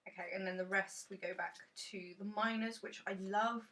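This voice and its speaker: Woman rambling about tarot, gushy and chatty, bright voice, a bit far off the mic. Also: medium pitch, steady tone, moderate pace. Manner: enthusiastic, gushing, chatty. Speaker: tarot deck reviewer. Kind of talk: rambling casual chat. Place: dim room indoors.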